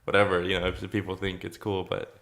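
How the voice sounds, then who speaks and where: A man's voice: low voice, completely flat delivery, fast talker, fairly bright tone. A man co-hosting a casual podcast, telling loose, profane stories and slipping into mock voices. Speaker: podcast co-host. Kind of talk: casual chat.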